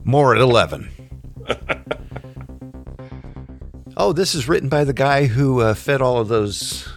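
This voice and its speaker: A man co-hosting a casual podcast, reading odd news stories and cracking deadpan jokes. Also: mid-range voice, takes it slowly, faint music behind. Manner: joking, deadpan asides. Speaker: podcast co-host.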